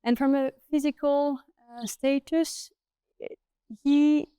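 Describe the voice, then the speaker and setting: A woman with a French accent, a horse trainer talking casually in English, pausing often to find her words. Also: high voice, fairly even intonation, mellow, no echo. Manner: thoughtful, searching for words with many "uh" pauses. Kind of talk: casual conversation.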